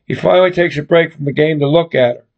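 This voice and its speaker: A man reading a chapter of his novel aloud as narrator, in plain, unhurried storytelling, on a dull lo-fi recording. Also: on the high side, creaky. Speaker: audiobook narrator and author.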